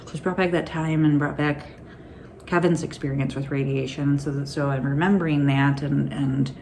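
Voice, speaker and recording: Woman rambling candidly into her phone, lowish voice, bit of hiss behind. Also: steady tone, a little slow, creaky, long pauses, darkish tone. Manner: candid, rambling, laughs through anxious stories. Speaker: vlogger. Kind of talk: casual personal vlog. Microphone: phone camera.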